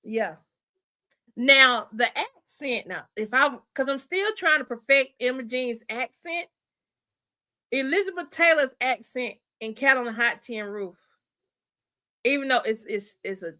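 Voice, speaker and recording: A woman hosting a casual livestream chat, animated and thinking aloud, calling her viewers y'all and honey. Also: fairly high pitch, measured pace. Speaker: livestream host.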